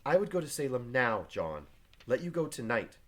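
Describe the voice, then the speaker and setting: A man voicing Elizabeth Proctor, a reserved farm wife, read quietly and plainly from a play. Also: mid-range voice, big pitch swings, moderate pace. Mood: guarded. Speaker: teacher reading a play aloud. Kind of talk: reading play aloud to a class.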